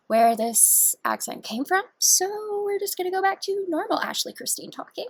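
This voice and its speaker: A woman vlogging casually, bubbly and giggly, who turns slow and hushed to guide a meditation. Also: very high voice, very animated, dry recording.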